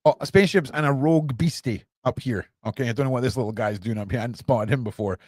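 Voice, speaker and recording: A young man hosting a podcast, chatting excitedly and sarcastically in a casual, slangy way. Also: medium pitch, quick pace, no echo. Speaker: podcast host. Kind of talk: casual livestream chat.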